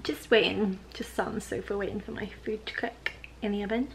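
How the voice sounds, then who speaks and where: A woman's voice: medium pitch, steady tone, brisk, creaky, slight background noise. A young woman chatting casually at home on her sofa, rambling and giggling through a haul vlog. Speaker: lifestyle vlogger. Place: home living room, on the sofa.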